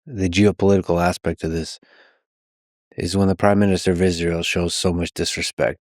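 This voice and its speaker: A man hosting a podcast, asking measured, earnest questions in an interview. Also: sits low, little pitch movement, a little mellow, dry recording, clean studio sound. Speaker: podcast host. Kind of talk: interview conversation.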